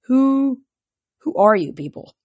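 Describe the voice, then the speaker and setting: A man's voice: very animated, takes it slowly, a little mellow, no echo, muffled recording, heavily acted. A young man voicing a scared, stubborn young teen girl who insists she is telling the truth, in a storybook reading. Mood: distressed. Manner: high, shaky and insistent.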